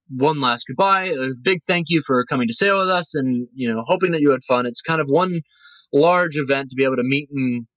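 A man's voice: medium pitch, fairly bright tone, no room sound, muffled recording. A man telling a story as a guest on a podcast, casual and emotional, acting out the voices of the people he quotes. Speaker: guest, cruise line cast member.

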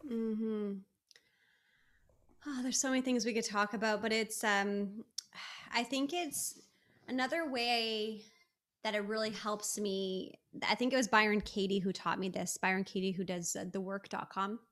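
A woman talking as a podcast guest in a casual chat. She is animated and playful, and she slips into little acted-out quotes as she goes. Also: mid-range voice, unhurried.

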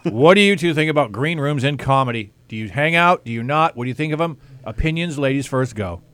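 Mock anchorman, stiff and booming, bright tone as a comic puts it on. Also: expressive, fairly quick, clean tone, natural voice. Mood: mock-formal. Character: mock news anchor man, stiff and formal.

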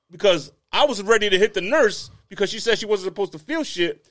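A man's voice: high voice, lively intonation, a little fast, fairly bright tone. Loose-talking man telling a story. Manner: storytelling, swearing, laughing through a sad tale. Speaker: podcast co-host. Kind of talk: casual podcast chat.

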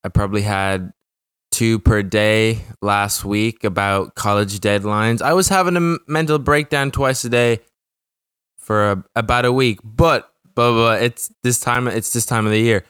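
Rambling young male podcast host, crisp voice. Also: on the low side, fairly even intonation, a little slow, fairly bright tone, no room sound, clean studio sound. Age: young adult. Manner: rambling, profane, restarts sentences. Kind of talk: casual podcast monologue.

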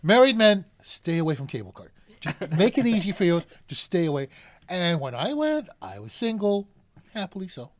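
Animated man telling a story. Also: fairly high pitch, normal speed. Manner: animated storyteller acting out voices. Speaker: cable car gripman, interview guest. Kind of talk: storytelling in a podcast interview.

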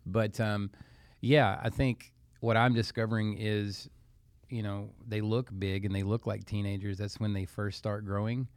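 Male podcast co-host, low voice, dry close mic, thinks aloud. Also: flat delivery, a little slow, a little mellow, dry recording. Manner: reflective, thinks aloud with light laughs. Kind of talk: casual podcast conversation.

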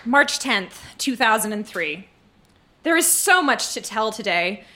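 A woman's voice: a little high, big pitch swings, measured pace, background noise. A woman reading her teenage diary aloud on stage to a live audience, with a dramatic, gushing delivery and comic timing. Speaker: live show reader. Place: stage before a laughing audience.

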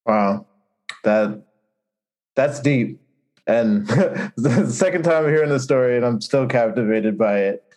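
A man's voice: medium pitch, slow pace, darkish tone. A man hosting a podcast in casual chat, stumbling and restarting his phrases. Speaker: podcast host.

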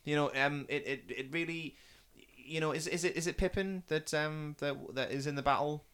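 A man's voice: a little high, moderate pace, clean tone. Rambling man. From Northeast England. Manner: rambling, many fillers and restarts, bursts into excited impressions. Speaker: podcast host. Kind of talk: casual film chat.

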